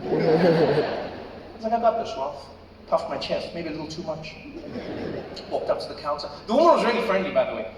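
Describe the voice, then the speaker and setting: A man's voice: a little high, sing-song, quick pace, long pauses, background noise. A man with a South African accent doing a stand-up set, telling a story and acting out the voices of people in it. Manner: storytelling, acts out voices, shouts punchlines. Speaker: stand-up comedian. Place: large arena on stage. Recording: echoey arena from far off, crowd laughter.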